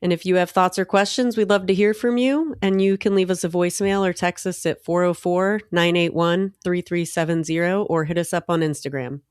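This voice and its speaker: A woman's voice: lowish voice, fairly even intonation, a little fast, few pauses, clear, resonant tone, no room sound, studio quality. A woman co-hosting a podcast in casual chat, upbeat and encouraging. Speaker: podcast co-host.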